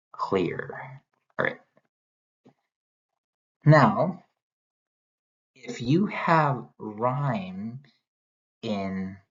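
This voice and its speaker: A man with a low, gravelly voice talks a class through poetry terms at a very unhurried pace, pausing as he points to each example. The recording sounds somewhat dull and lo-fi. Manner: explains step by step, points at slides. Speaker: teacher.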